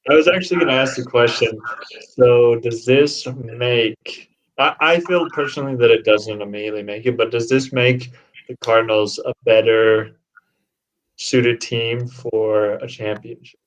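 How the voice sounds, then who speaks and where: Male co-host, questioning and unsure, average pitch. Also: measured pace, low-quality recording. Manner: questioning, tentative. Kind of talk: casual sports chat. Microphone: online call.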